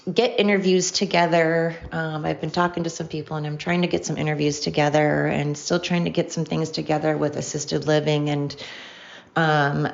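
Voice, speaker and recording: A middle-aged woman rambles cheerfully through her solo podcast with a gravelly, creaky edge to her low-ish voice. The sound is dull and lo-fi, like a simple home setup. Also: flat delivery, normal speed. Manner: rambling, chatty, upbeat. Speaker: podcast host. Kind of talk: casual solo podcast monologue.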